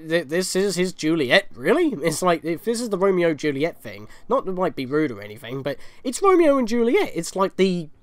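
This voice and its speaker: A man's voice: high-pitched, big pitch swings, brisk, few pauses, dry recording. Guy rambling through a game walkthrough, lots of ups and downs in his voice, laughs a lot. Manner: rambling, laughing, easily exasperated. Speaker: gaming commentator. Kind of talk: casual game walkthrough commentary.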